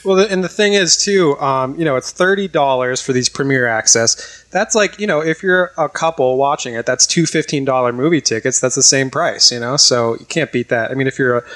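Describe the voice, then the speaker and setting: A man's voice: medium pitch, fairly quick, hardly any pauses, fairly bright tone. A man co-hosting a podcast, chatty and self-mocking in casual talk. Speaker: podcast co-host.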